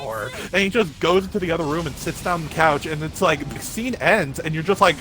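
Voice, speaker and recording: A young man's voice sits high, and he sounds animated and brisk. Chatting casually over game music during a stream, he tells a rambling tale full of filler words.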